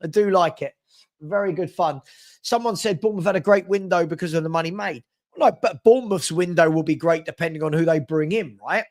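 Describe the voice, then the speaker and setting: A man hosting a live football stream, chatty and teasing as he reads viewer comments and gives shout-outs. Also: a little high, a little fast. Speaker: host of a live football transfer show.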